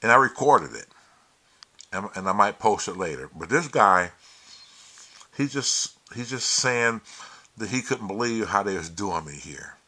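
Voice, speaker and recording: A man vlogging a casual monologue to camera, preachy and emphatic with plenty of swearing, who gets loud and heated when retelling stories. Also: fairly low pitch, expressive, unhurried, pauses often.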